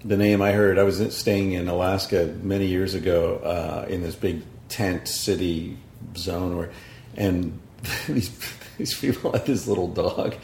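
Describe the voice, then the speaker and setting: A man hosting an interview, talking in a relaxed way, affirming his guests and telling anecdotes. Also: deep voice, unhurried, echoey room, slight background noise. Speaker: interview host. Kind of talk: casual interview talk.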